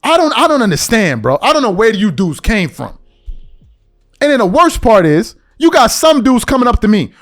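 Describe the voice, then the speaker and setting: A man's voice: very high voice, very animated, moderate pace, a bit bright, faint music behind. A man hosting a podcast, venting in a heated, repetitive, emphatic rant straight to the audience. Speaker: podcast host.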